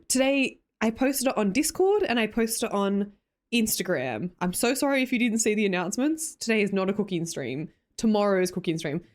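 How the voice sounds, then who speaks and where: A young woman with an Australian accent chatting casually with her live-stream viewers, laughing often and greeting them by name. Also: mid-range voice.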